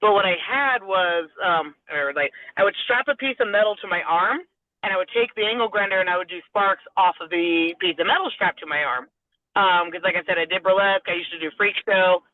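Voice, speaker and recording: A Southern California woman, a guest who wrestles professionally, tells a long, rambling story in a casual way. Her fairly low voice moves briskly, and she acts out other people's lines, laughing often. The audio is tinny and dry, like a phone.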